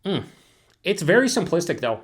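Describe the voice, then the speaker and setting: A man's voice: a little high, big pitch swings, normal speed, slight background noise. A man casually reviewing a beer on his own channel, rambling with lots of fillers, swearing freely and mocking himself in asides.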